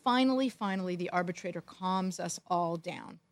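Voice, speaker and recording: A middle-aged woman co-hosting a sports talk show, telling a long story in a wry, animated way. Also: lowish voice, moderate pace. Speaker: podcast co-host, former football executive. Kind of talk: storytelling in casual chat.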